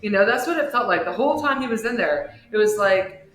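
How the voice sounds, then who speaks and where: A woman guest on a podcast, an author and shop owner, telling a personal story with big swings in pitch and volume. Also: a little fast. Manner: expressive storyteller with wide swings in pitch and loudness. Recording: echoey room with faint noise.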